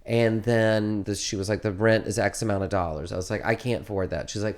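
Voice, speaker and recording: Male interviewee, lowish voice, chatty, rambling, restarts a lot. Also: quick pace, few pauses. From United States. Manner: rambling, animated storytelling with many restarts. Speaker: interviewed musician. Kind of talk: casual interview.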